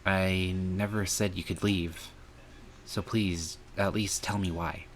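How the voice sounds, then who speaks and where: Male streamer, low voice, earnest emotional reading of game text, faint background noise. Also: steady tone, slow pace. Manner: earnest, emotional reading with some angry outbursts. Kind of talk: reading a visual novel aloud.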